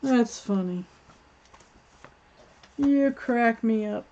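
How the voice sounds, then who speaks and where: A woman's voice: a little high, extremely slow, dark tone, dull audio. A woman hosting a crafting livestream, chatting casually and thinking aloud while she works, reading comments and laughing at them. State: hiccups.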